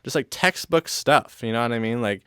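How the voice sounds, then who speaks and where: A man's voice: mid-range voice, moderate pace, a bit bright, smooth, no echo, clean studio sound. A young man telling a casual storytime, rambling, leaning heavily on "like" as a filler and cursing freely. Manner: rambling, filler-heavy with constant "like" and swearing.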